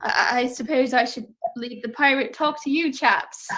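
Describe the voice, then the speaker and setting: A woman playing a prim, pompous gentleman detective. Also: high voice, moderate pace, poor audio. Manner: prim, posh-sounding phrasing. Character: fussy, pompous male detective, prim and polite. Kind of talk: student stage play.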